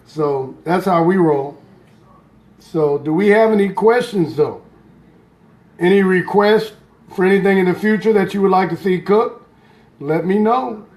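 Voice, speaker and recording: A man's voice: high-pitched, darkish tone, roomy sound. A man chatting upbeat to viewers in a casual live cooking stream from his kitchen. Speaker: home cook hosting a live stream.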